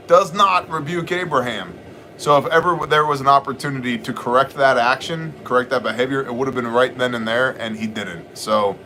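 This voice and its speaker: A man hosting a relaxed livestream, trading jokes with viewers and greeting them by name. His voice sits at a middle pitch, and he slides easily into casual Bible teaching. A faint air conditioner hums in the background. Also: slight background noise. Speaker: livestream host. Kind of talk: casual livestream chat, reading viewer comments.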